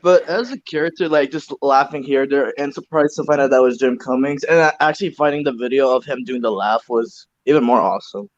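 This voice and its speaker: A young man co-hosting a casual podcast chat, relaxed and chatty with loose asides. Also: medium pitch, brisk, hardly any pauses, dry recording. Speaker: co-host. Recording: dull lo-fi recording.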